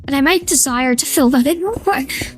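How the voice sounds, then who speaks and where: Faint music plays beneath a male streamer whose voice changer renders him bright, high and girlish as he chats casually while gaming. He's playful and easily excited, often squealing or giggling.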